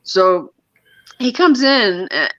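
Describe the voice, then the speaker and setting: Bright, tense-voiced man telling a rambling story. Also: high-pitched, big pitch swings, takes it slowly, no echo. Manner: rambling, with frequent restarts and nervous laughs. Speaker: guest telling a personal story. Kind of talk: casual conversational storytelling. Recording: dull, lo-fi sound.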